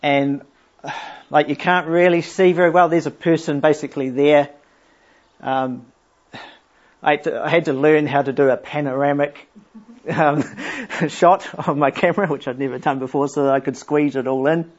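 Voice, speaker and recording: Middle-aged male preacher, fairly high voice, earnest teaching sermon, dull recording. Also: steady tone. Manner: earnest, explanatory, reads scripture aloud slowly.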